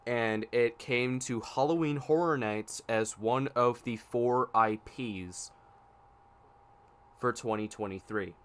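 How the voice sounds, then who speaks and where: A man's voice: medium pitch, slow pace, a bit bright, clear, resonant tone. A man co-hosting a casual podcast, talking eagerly about upcoming films and theme park events. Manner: enthusiastic, makes predictions, frustrated by tech issues. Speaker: podcast co-host.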